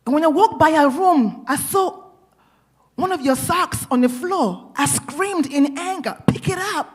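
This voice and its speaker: A woman acting out a short-tempered father who keeps scolding and yelling at his young son, in a sermon story. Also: sits high, measured pace, voice pushed up.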